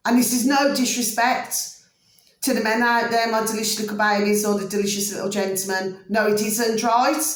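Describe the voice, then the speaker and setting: A woman ranting to her viewers in an animated monologue, full of repeated "I said" and fond pet names for her audience. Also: fairly high pitch, roomy sound. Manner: animated, repeats "I said", calls viewers "my delicious little babies". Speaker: vlogger.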